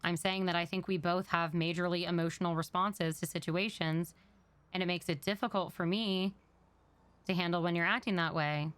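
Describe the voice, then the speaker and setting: Low, smooth-voiced woman in role-play. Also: steady tone, moderate pace, a bit bright, dry recording. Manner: earnest, explains at length. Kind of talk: in-character role-play conversation.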